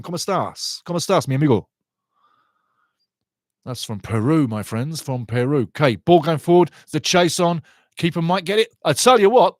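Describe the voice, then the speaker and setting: A man giving passionate live football commentary, chatting to viewers and shouting when goals go in. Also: a little high, dry recording. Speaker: football watch-along commentator. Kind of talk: excitable live match commentary.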